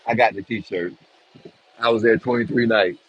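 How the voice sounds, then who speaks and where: A man's voice: lowish voice, steady tone, normal speed, a little hiss or hum. A man live-streaming outdoors from his phone, chatting casually to his viewers in a rambling, profane way. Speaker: livestream vlogger. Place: outdoors in a city street. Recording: slightly dull lo-fi phone audio, faint street ambience.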